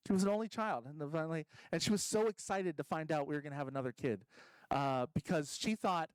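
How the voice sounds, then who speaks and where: A man's voice: fairly high pitch, fast talker, clear, resonant tone, no echo, rough recording. A man doing a stand-up comedy set at a convention stage, rambling and self-deprecating, full of ums and restarts.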